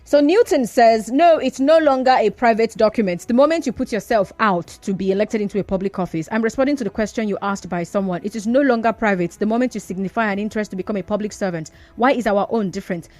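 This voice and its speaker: A Nigerian woman hosting a radio phone-in, brisk and firm, arguing back at callers. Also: mid-range voice, a little mellow. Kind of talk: call-in radio talk.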